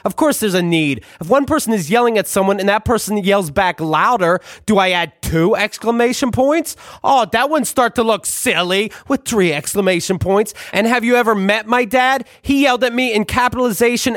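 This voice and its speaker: High-voiced sarcastic man reading his book. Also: a bit bright, no room sound, studio quality. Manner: sarcastic, ranting, profane. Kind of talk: audiobook reading with asides.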